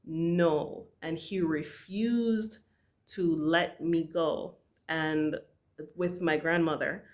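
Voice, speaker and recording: A middle-aged woman from Jamaica telling a personal family story in an earnest, halting way with many pauses. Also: low-pitched, fairly even intonation. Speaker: vlogger.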